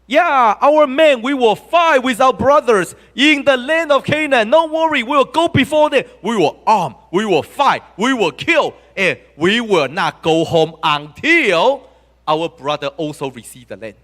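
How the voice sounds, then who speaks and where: A man's voice: a little high, expressive, takes it slowly, fairly bright tone, long reverb tail. A man voicing a group of tribesmen who earnestly plead and make promises, in a sermon retelling. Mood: eager.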